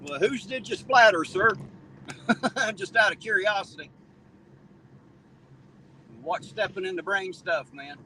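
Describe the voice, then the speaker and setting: A man's voice: high-pitched, animated, slow pace, pauses often, pushed and bright. A man hosting a casual live stream outdoors at night, chatting and joking as he greets viewers by name. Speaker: livestream host reading viewer chat. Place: outdoors on a town street at night after rain. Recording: slightly distant mic, faint street noise.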